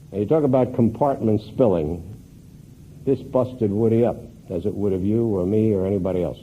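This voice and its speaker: A man giving an emphatic seminar talk to a live audience, telling stories and swinging from loud to soft for effect. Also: medium pitch. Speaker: motivational speaker. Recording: tinny phone-like lo-fi recording with faint hiss.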